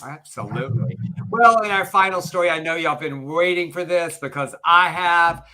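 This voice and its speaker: A man's voice: on the high side, normal speed, pushed and bright. A man co-hosting a live news chat show, telling stories in a gossipy, playful way. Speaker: co-host.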